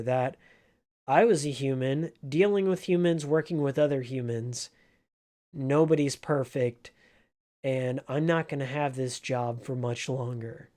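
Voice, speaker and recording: This man's voice is a little high and darkish as he describes an emotional experience from his days as a game store clerk. He speaks slowly and earnestly in a casual vlog, clearly moved.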